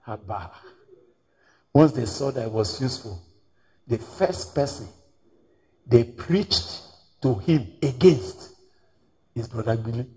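A man's voice: mid-range voice, expressive, takes it slowly, long pauses, a little mellow, breathy edge. A man preaching a storytelling sermon, acting out dialogue and repeating key phrases. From Nigeria.

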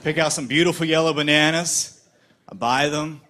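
A man performing a stand-up comedy set on a TV studio stage, telling his bits in an animated, playful way. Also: fairly high pitch, normal speed, slight background noise.

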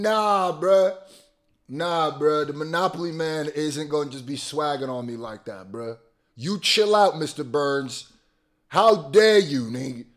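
A man, a rapper, giving casual, animated commentary full of slang and exclamations while reacting to a music video. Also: a little high, measured pace.

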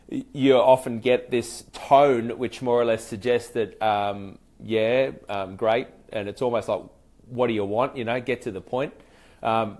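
An Australian man with a voice of ordinary middle pitch coaches listeners on how to open a sales call. He keeps it informal and unpolished, with frequent ums, restarts and little acted-out phone greetings. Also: a little mellow. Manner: chatty, loose and hesitant, many fillers and restarts; acts out sample phone greetings. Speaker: sales trainer. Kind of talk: conversational training talk.

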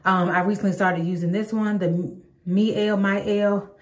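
A woman's voice: fairly low pitch, steady tone, fairly quick. Chatty woman vlogger in an echoey room. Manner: chatty, addresses viewers as y'all, many ums. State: out of breath. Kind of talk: casual hair-care tutorial vlog. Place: home, indoors.

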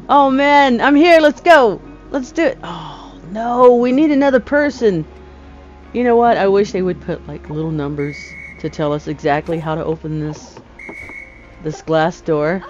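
A woman talking casually over her own gameplay, chatty and excitable, laughing often. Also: a little high. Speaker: gamer. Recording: slightly dull lo-fi sound.

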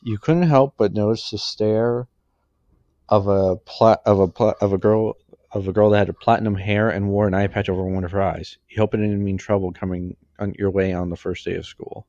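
A man reading a fan story aloud, halting and correcting himself as he goes. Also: fairly low pitch, steady tone, dark tone, dry recording, lo-fi sound. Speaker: fanfiction reader.

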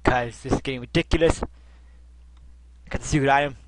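A man giving casual gameplay commentary as a let's play host, rambling and self-mocking, with sudden frustrated shouts. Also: medium pitch, steady tone, moderate pace, a little hiss or hum, rough recording.

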